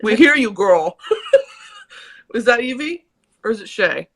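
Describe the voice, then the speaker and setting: A woman's voice: a little high, expressive, slow. A woman co-hosting a casual chat, brash and joking, laughing often. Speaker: co-host.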